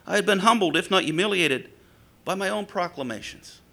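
A middle-aged preacher talks in a conversational, story-driven way, his pitch swinging widely from phrase to phrase. His voice is a little raised and gravelly, with a bright, forceful edge. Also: lively intonation, brisk. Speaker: preacher, former police officer. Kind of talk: sermon with storytelling.

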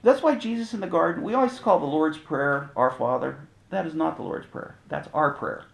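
A middle-aged man, a pastor, telling a personal testimony in a sermon with candid, animated storytelling and chuckles. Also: a little high, normal speed, vocal fry. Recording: roomy reverberant sound.

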